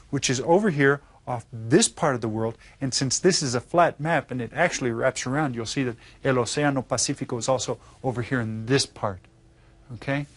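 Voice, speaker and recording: A man teaching an elementary lesson, patient and slow, repeating words and checking in with his students. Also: medium pitch, animated, no echo. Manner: patient, explains slowly with repeats and check-ins. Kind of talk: classroom lesson.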